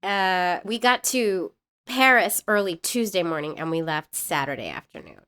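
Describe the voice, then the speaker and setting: Woman, middle-aged, podcast co-host, casual chat, animated storyteller, frequent laughter. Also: fairly low pitch, normal speed, clean tone.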